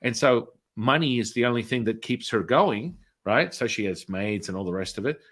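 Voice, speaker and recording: A man's voice: mid-range voice, normal speed, a bit bright. A middle-aged man, a spiritual healer, telling a story in a casual interview and acting out the voices of people in it.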